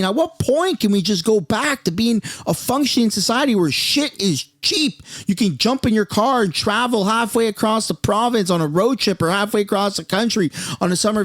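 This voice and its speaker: A man's voice: high-pitched, no room sound, studio quality. A man from Canada, a commentary host, ranting angrily and with lots of profanity about the state of the country. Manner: angry, profane, exasperated.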